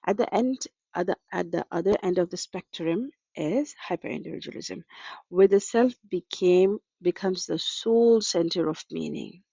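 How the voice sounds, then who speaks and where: A woman counsellor talks in a relaxed, conversational way, slipping into her clients' voices as she tells their stories. Her voice has a gravelly, fried edge. The recording is dry and close but a little dull and lo-fi. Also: fairly low pitch, moderate pace, no echo. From Australia. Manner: conversational, anecdotal, acts out client quotes. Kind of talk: talk.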